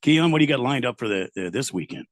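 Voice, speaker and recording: A man hosting sports talk radio in a loose, self-deprecating way, with a gravelly, always sore-throated voice. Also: mid-range voice, animated, fast, no echo. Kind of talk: casual radio banter. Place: radio studio. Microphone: studio mic.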